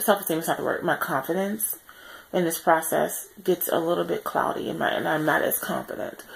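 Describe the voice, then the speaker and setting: A tired woman speaking earnestly in a personal video diary, pausing often and correcting herself as she reflects. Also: sits low, creaky, poor audio. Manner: reflective and earnest, many pauses and self-corrections. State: tired, yawning. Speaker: vlogger on a weight-loss journey.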